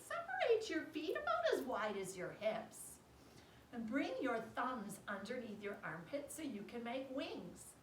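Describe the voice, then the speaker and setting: A woman leads a children's yoga class at an unhurried pace, her voice bouncing widely up and down as she reads aloud and makes animal sounds. She sounds a bit away from the mic in a roomy space with a faint hum behind her. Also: fairly high pitch, fairly bright tone. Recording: roomy echo, distant mic, faint background noise.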